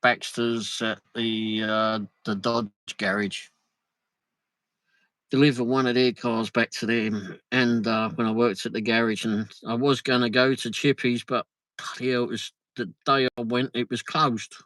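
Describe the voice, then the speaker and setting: Slow-talking man chatting live. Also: medium pitch, steady tone, fairly bright tone, no echo, low-quality recording. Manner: chatty, reads out viewer comments, muttering asides. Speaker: livestream host. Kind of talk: casual live chat while travelling. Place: in a vehicle on the road.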